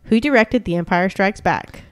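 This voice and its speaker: A woman co-hosting a podcast, reading out trivia questions in casual chat and quickly praising right answers. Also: medium pitch, clean tone, no echo. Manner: reads questions, laughs easily, quick praise. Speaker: podcast co-host reading a quiz.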